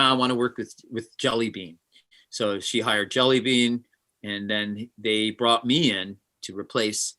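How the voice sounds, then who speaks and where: Bright-voiced man telling animated stories. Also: fairly low pitch. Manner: animated, acts out quotes. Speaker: session guitarist, guest. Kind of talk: interview storytelling.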